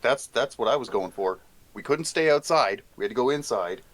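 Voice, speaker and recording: A man's voice: mid-range voice, animated, fairly quick, a bit bright. A man playing in a tabletop game, bantering in a dry, sardonic way. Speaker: player. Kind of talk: casual tabletop chat.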